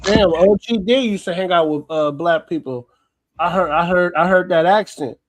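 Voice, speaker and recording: A man calling into a heated panel show, insistent and quick to cut in. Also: high-pitched, no echo. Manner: insistent, keeps interrupting. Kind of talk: heated call-in panel talk.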